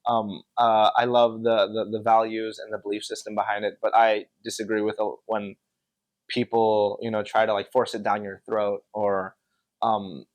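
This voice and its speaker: A man from Connecticut, a podcast guest, telling stories in an animated, filler-heavy casual chat. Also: lowish voice, moderate pace. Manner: animated storyteller, many fillers.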